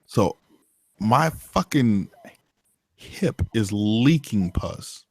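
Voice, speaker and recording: A man's voice: on the low side, lively intonation, extremely slow, darkish tone, no echo. A man telling a long story on a podcast in a casual, rambling way, swearing often and filling gaps with "like" and "um". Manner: rambling, profane, filler-heavy. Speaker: podcast co-host.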